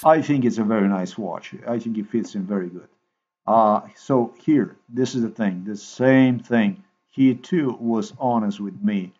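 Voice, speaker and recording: Man, low-pitched, rambling profane storyteller, muffled lo-fi audio. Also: unhurried, breathy edge. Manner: repetitive, profane, excitable storytelling. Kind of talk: rambling casual monologue. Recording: dull lo-fi recording.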